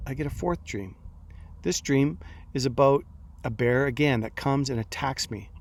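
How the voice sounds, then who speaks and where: A middle-aged pastor with a mid-range voice tells a personal story during a devotional talk, acting out his own reactions as he goes.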